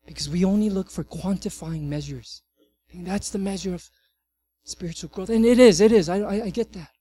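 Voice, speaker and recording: A man in his thirties, a pastor, preaching a sermon and telling a family story with lively swings from loud to hushed. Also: high-pitched, fairly quick, slight background noise.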